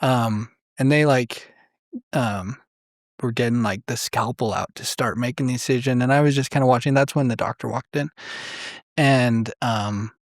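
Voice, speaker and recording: A man from Idaho, a podcast guest, telling a personal story in a casual, animated way with many fillers and acted-out quotes. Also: mid-range voice, normal speed, dry recording, studio quality. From Idaho, USA.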